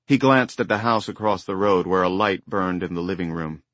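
Male audiobook narrator, measured delivery, low voice, dry close recording. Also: no echo. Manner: measured, even storytelling. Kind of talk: scripted narration. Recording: dry close studio sound.

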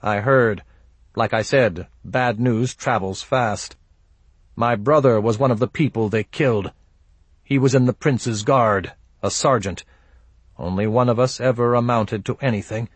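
A man reading an audiobook voices a fat male innkeeper, terse, wary and grieving with a gruff edge. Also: mid-range voice, unhurried, no room sound. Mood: grim.

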